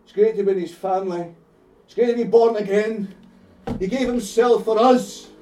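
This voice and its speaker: A man's voice: high voice, normal speed, mellow, soft background music. A man with a Scottish accent preaching an evangelistic sermon, fervent and given to repeating his phrases for emphasis. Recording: echoey hall, heard from a distance.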